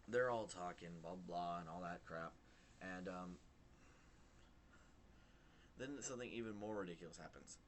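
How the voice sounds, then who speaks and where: A young man vlogging, retelling a work story in a rambling, animated way with lots of fillers. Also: low-pitched, slight background noise. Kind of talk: casual storytelling to camera.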